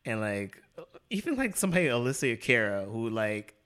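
A man with a bright, sharp-edged voice talks casually on a podcast. He is laid-back and fills his speech with "like" and "you know." His pitch sits in the middle range. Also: sing-song, normal speed, clean tone. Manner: laid-back, filler-heavy. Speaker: podcast co-host. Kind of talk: casual chat.

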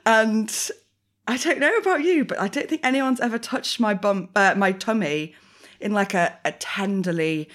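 A woman's voice: mid-range voice, moderate pace. A young woman, eight months pregnant, telling rambling stories in a casual podcast chat. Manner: rambling, animated storytelling with frequent fillers. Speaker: podcast co-host.

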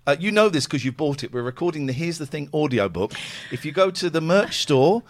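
A podcast co-host in casual chat, talking in a wry, animated way. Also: mid-range voice, fairly quick.

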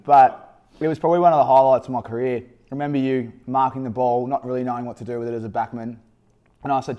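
A chatty Australian man with a mid-pitched voice hosts a casual podcast. He talks in a matey, easygoing way with an old teammate. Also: steady tone, quick pace, mellow, lo-fi sound. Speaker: podcast host, former teammate. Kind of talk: casual interview chat.

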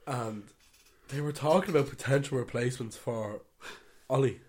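A man co-hosting a football podcast, ranting animatedly and swinging between loud outbursts and muttered asides. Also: medium pitch, moderate pace. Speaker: podcast co-host. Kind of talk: casual football chat.

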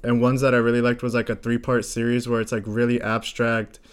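A man's voice: mid-range voice, brisk, clear, resonant tone. Young male podcast co-host with a mid-range voice, telling stories casually and acting out what people said. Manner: animated storyteller, acts out quotes, laughs often. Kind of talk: casual chat.

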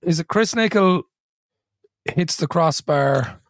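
A man's voice: on the high side, lively intonation, slow pace, gravelly, no echo, studio quality. A man co-hosting a podcast in casual chat, chatty and laughing as he tells it. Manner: chatty, laughs while telling it. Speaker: podcast co-host.

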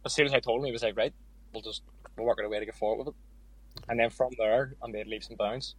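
A man's voice: mid-range voice, steady tone, quick pace, breathy edge, rough recording. A young man with an Irish accent, a boxer as guest, candidly telling stories in a casual podcast interview. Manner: candid, storytelling with quoted asides.

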